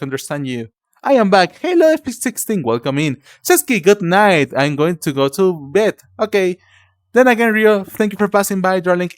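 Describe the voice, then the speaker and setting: A man's voice: fairly high pitch, clear, resonant tone, dry recording, studio quality. A young man with a Spanish accent, streaming live and chatting to viewers in a casual way, stumbling over his words and calling people cutie and darling. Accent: Spanish-speaking. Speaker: livestreamer.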